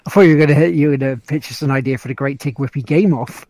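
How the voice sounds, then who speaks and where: A man's voice: medium pitch, racing, warm tone, no echo. A man co-hosting a podcast, chatting casually and teasing his friends. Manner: laughing, teasing. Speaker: podcast co-host. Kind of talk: casual chat.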